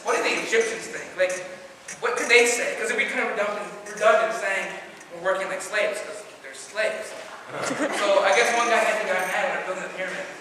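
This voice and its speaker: A man's voice: high-pitched, brisk. A teenage boy doing a rambling, self-deprecating stand-up set at his school, recorded from far back in the room. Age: teens. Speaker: stand-up comedian. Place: school auditorium before a live audience. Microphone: distant room recording. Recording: echoey hall recorded from far off, noisy.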